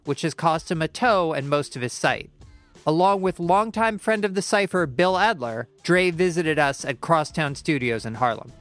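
A man hosting a podcast in a studio, reading a measured scripted introduction. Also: on the high side, a bit bright, dry recording. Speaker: podcast host. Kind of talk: scripted intro, then interviewing. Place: recording studio.

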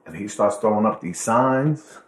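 A man telling a lively anecdote on a podcast, acting out other people's voices and swearing freely. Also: on the low side, measured pace, a little hiss or hum. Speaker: podcast guest. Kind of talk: animated storytelling. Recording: roomy echo.

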